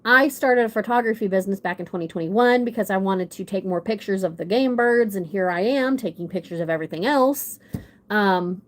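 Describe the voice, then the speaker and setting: A young adult woman telling a rambling, self-deprecating story in casual chat on a livestream, with a runny nose. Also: mid-range voice. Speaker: livestream guest.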